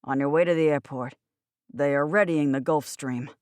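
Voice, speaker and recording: Woman doing tired older dad boss, patient and pleading, lowish, dry audiobook read. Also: normal speed, darkish tone, no room sound, lightly acted. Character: weary older man, the narrator's powerful boss father.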